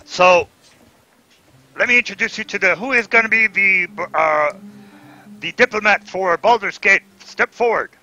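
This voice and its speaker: A man's voice: high-pitched, normal speed, long pauses, muffled recording, pitched above the performer's own voice, exaggerated voice. A man voicing pompous orc and goblin leaders in a raised, formal way. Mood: commanding. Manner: raised, loud, formal speech.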